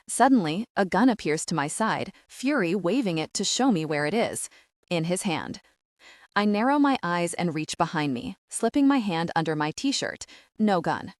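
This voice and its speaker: Woman, audiobook narrator, first-person reading, lowish pitch, dry close sound. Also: expressive, normal speed, dry recording.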